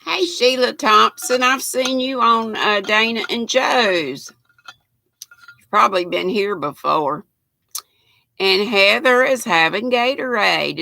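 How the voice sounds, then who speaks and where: An older woman with a Southern US accent, a little hoarse, hosting a chatty live stream and reading out viewer comments. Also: medium pitch, sharp tone, no room sound. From United States. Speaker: host.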